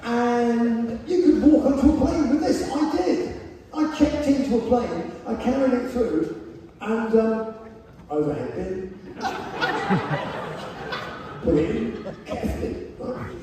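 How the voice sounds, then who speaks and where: A man with a high voice tells wry, self-mocking stories from a theater stage. He is picked up from the front row, far from the camera. The sound is very echoey with a long hall reverb, and audience noise is clearly heard behind him. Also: takes it slowly, pauses often. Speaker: spoken word performer. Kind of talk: comic stage storytelling.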